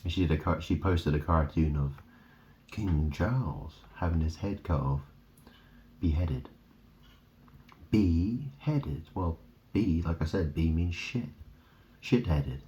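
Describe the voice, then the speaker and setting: A man's voice: very deep voice, moderate pace, mellow, slight background noise. A man in a rambling monologue, drifting through wordplay and trailing off. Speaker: vlogger. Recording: dull lo-fi recording.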